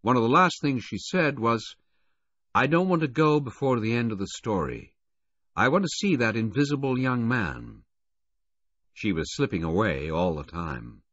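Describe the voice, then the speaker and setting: A man reading the part of a middle-aged racing official in an audiobook, earnest and steady. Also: mid-range voice, dry recording, muffled recording, voice pushed up. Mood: grieving. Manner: earnest, halting when grieving.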